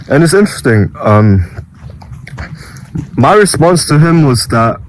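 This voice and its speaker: A man's voice: mid-range voice, expressive, a little slow, pauses often, a little hiss or hum, poor audio. A young man vlogging about self-improvement, telling a casual story with many restarts and quoted voices.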